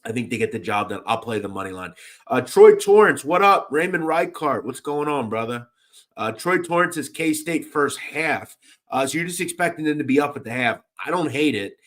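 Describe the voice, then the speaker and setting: Chatty man giving betting picks. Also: medium pitch. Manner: animated, chatty, shouts out chat viewers. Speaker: sports betting radio host. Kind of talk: casual sports picks talk.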